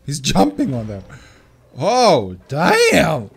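A gameplay commentator who gets excitable, shrieks and laughs often, swears casually and talks to the game creature. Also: medium pitch, very slow, vocal fry, husky, soft background music. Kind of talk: let's play commentary.

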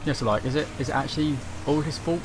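A man's voice: on the high side, fast talker. A young man giving casual, rambling let's-play commentary with lots of fillers. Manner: chatty, rambling, with many fillers. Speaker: gaming commentator. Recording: game music loud behind the voice.

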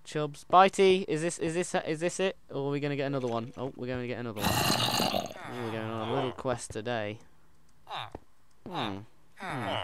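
An excitable man gives chatty gameplay commentary in a voice of middling pitch. He keeps calling out to his pet wolf. Loud noise hisses under the recording. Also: moderate pace. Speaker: gaming channel host.

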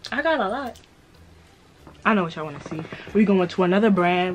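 A young woman with a New York accent and a slightly raspy voice, hosting a casual haul video and hyping her purchases to viewers in a playful way. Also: on the low side, expressive, a little fast, long pauses, heavy background noise. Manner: playful, hyped, repeats phrases, talks straight to viewers. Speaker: fashion vlogger.

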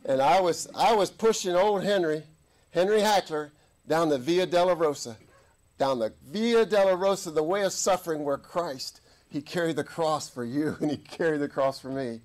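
A middle-aged man preaching a sermon as an army chaplain, telling stories and acting out voices in the quotes. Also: moderate pace. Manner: animated, acts out quotes with big pitch jumps. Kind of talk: sermon with storytelling. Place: church.

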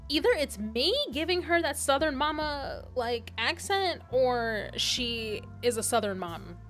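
A woman streamer giving casual, slangy and excitable commentary while playing a game. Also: sits high, measured pace, few pauses, soft background music.

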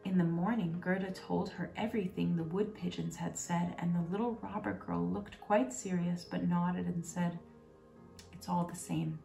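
A woman calmly reading a fairy tale aloud as a bedtime storyteller. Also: lowish voice, moderate pace, creaky, hardly any pauses. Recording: roomy, distant, faint music. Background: faint music.

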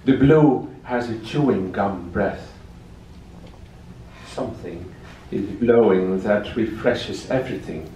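A man reading his poetry aloud in a slow, measured recitation at a library event. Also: on the low side, dark tone, slight background noise. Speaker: poet. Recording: echoey room, distant mic.

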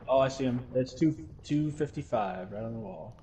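Relaxed man chatting in squad voice chat. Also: medium pitch, moderate pace, creaky, recorded from a distance, a little hiss or hum. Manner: chatty, relaxed banter between callouts. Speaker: squad player. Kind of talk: casual gaming voice chat.

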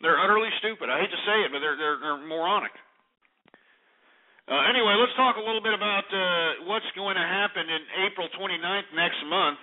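A high-pitched man hosts a talk radio show with a sarcastic, rambling rant. His voice comes through a thin, tinny line, like a phone call on the air. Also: fairly quick. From United States. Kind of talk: opinionated talk radio monologue.

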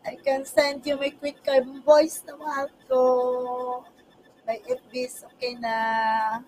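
High, slow-talking Filipino woman, doting. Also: level tone, slightly rough, soft background music, rough recording. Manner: doting, with simple broken English. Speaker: wife sending a message to her husband. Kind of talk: affectionate spoken message between songs.

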